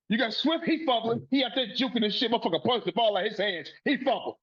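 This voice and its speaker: Male sports podcast host, high husky voice, heated profane rant, lo-fi recording. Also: animated, fast talker, few pauses, fairly bright tone. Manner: profane, fired-up and ranting.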